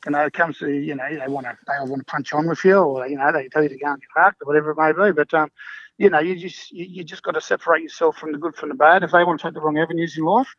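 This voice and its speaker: A man's voice: on the high side, fairly even intonation, racing, a bit bright, no room sound, highs cut off. An Australian man telling stories in a casual interview, blokey, calling everyone mate, with many restarts. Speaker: interview guest. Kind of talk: casual storytelling chat.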